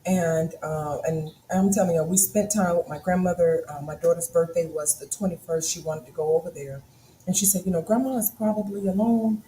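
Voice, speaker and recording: A woman's voice: on the low side, fairly quick. Laughing woman telling stories, echoey room. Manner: animated storytelling with frequent laughter. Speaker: co-host. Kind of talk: casual chat. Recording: echoey room with faint noise.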